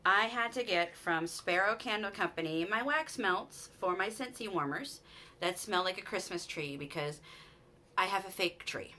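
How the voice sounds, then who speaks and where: A woman's voice: medium pitch, normal speed, bright, forceful tone. A woman, chatting casually to camera about things she bought, gushing and sentimental. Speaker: vlogger. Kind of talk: casual haul chat to camera.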